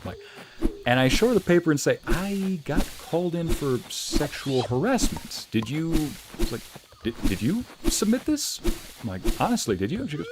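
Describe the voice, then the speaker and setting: A man's voice: a little high, brisk, noisy background. A man streaming a game, telling a story in casual chat and acting out the quoted lines in a raised voice. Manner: animated, acts out quotes in a raised voice. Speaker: streamer and narrator. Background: faint background music.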